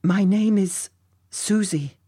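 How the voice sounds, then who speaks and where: A man voicing a weak, gentle female dragon with a crackly, husky but sweet voice, speaking quietly and politely. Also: high-pitched, slow, voice pushed up, heavily acted. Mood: quiet, grateful.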